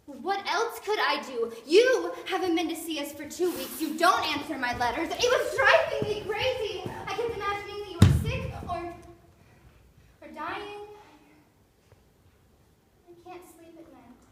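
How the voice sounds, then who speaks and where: A woman's voice: high voice, lively intonation, unhurried, long pauses, fairly bright tone. A young woman playing an earnest, anxious young woman in love, who pleads and presses with questions in a stage scene. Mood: pleading. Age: young adult. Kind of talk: stage acting. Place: stage in a theatre. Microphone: far camera. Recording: echoey room from far off, faint noise.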